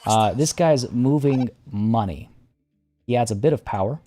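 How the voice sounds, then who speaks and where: A man's voice: medium pitch, a little slow, soft background music. A man streaming a strategy game with casual, chatty commentary, talking to his units as he plays. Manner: relaxed, chatty, talks to units.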